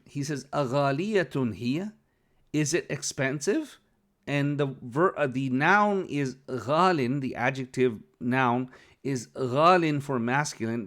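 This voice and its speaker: A man's voice: fairly high pitch, a bit bright. A man teaching Arabic, reading phrases from a dialogue aloud, translating them and explaining the grammar, often checking in with "okay?".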